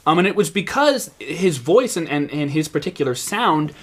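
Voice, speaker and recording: A young man with a slightly high voice chats casually as a podcast co-host. He tells long stories and often stops to say um or start a sentence over. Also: sing-song, normal speed, a bit bright. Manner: chatty, storytelling, frequent ums and restarts. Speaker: voice actor co-host.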